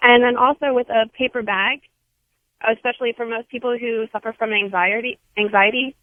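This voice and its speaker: A woman calls in to a radio show and earnestly explains her point. Her voice sits a little high. It comes through a thin, tinny phone line with a dry sound. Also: steady tone, brisk, no echo. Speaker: radio caller.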